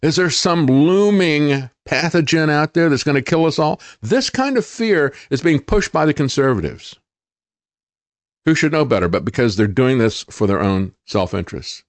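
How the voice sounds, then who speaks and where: A male host delivers a political commentary monologue. His voice rises and falls in wide, animated swings as he leans on key words with sarcasm and mockery. The sound is dry and close. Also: on the high side, normal speed, no room sound. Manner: sarcastic, emphatic, mocking.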